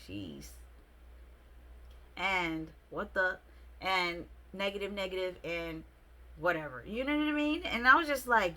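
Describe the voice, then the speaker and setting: A young adult woman vlogging a casual storytime, expressive and slangy, with many fillers. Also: on the low side, measured pace, pauses often.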